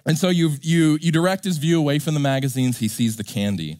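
A pastor preaching a sermon in an animated, joking way, acting out characters. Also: male voice, fairly high pitch, fairly quick, dry recording, clean studio sound.

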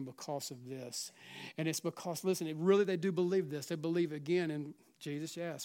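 A middle-aged man with a South Carolina Southern accent preaching a sermon as pastor, swinging between loud urging and hushed, near-whispered lines and often repeating "listen.". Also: on the high side.

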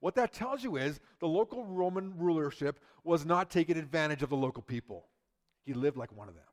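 Conversational preacher, a man with higher pitch. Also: animated, brisk. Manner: conversational, repeats words as he talks; acts out quotes from the story. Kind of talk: sermon.

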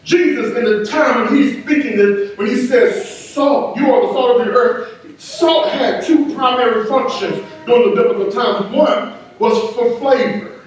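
A man's voice: extremely high pitch, unhurried, a little hiss or hum. A man preaching a sermon in a church, emphatic, repeating key words for stress. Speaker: pastor. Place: church sanctuary. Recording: echoey room, mic at a distance.

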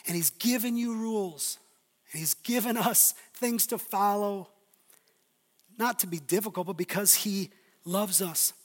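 A middle-aged male pastor preaching a sermon, swinging between loud emphatic lines and quiet, intimate asides. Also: sits high, unhurried. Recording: long reverb of a large hall.

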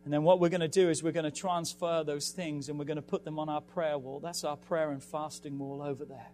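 A man's voice: fairly high pitch, steady tone, brisk, darkish tone, slight background noise. A man preaching a sermon as pastor in a church, building to emphatic, impassioned peaks. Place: church sanctuary.

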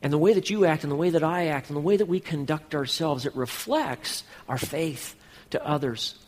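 Pastor, male, earnest sermon delivery addressing the congregation, slightly raised pitch, long hall reverb. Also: animated, moderate pace.

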